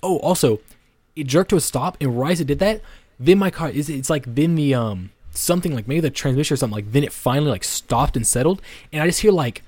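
A man's voice: fairly high pitch, expressive, fast talker, darkish tone, no room sound. A young man co-hosting a podcast, telling a story in a rambling way with lots of swearing, restarts and "like" fillers. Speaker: podcast co-host. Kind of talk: casual storytelling.

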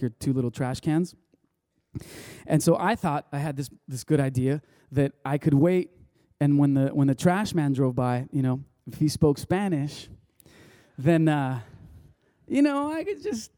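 A pastor tells his sermon as a meandering, chatty story, often halting and starting sentences over. His slightly high voice is deeply mellow and warm. The close, dry recording carries no room sound or echo.

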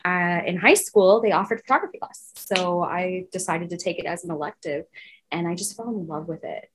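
A photographer talking as a podcast guest in a casual, relaxed way, saying "like" a lot. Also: female voice, fairly low pitch, a little hiss or hum. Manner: relaxed, chatty, says "like" a lot. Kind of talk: casual interview.

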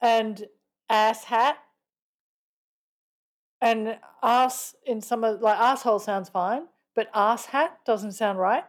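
An Australian woman talking as a podcast guest. Her voice sits a little high, and she speaks bluntly, laughs often and swears freely. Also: takes it slowly, pauses often. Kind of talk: casual chat.

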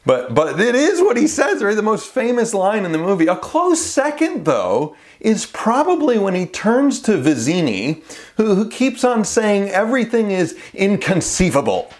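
A man's voice: sits high, sing-song, moderate pace. A man preaching a sermon as pastor, earnest and conversational with playful asides.

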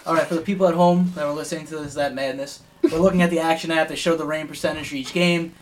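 A man's voice: fairly high pitch, steady tone, fast talker, a little hiss or hum. A man co-hosting a casual sports betting podcast, rambling and profane, heated about bad play. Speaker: podcast co-host.

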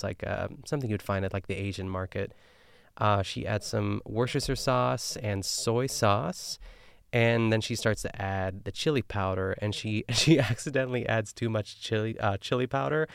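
A man with a low, smooth voice talks casually as a podcast host, recapping a cooking episode. He rambles with lots of fillers and animated asides. The recording is dry and close. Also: dry recording. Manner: chatty, filler-heavy, animated.

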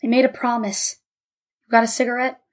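A tired, careful father, played by a woman narrator, speaks quietly and politely. He sounds measured and restrained in a read-aloud story. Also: on the high side, level tone, lightly acted. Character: weary, cautious middle-aged father.

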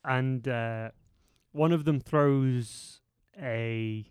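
A man's voice: medium pitch, very slow, darkish tone, smooth, dry recording, clean studio sound. A young man telling a self-mocking story in casual chat among friends. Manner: rambling, self-mocking, laughs at his own story. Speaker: podcast guest.

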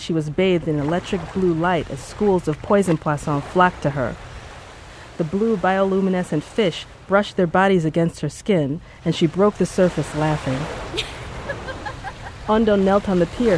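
An audiobook narrator reading a story in a measured, steady way. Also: mid-range voice, a little hiss or hum. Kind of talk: scripted narration.

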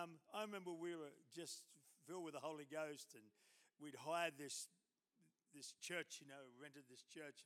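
Bright-voiced, animated preacher man. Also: sits high. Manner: animated storytelling, acting out dialogue. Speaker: pastor. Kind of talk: sermon. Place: church.

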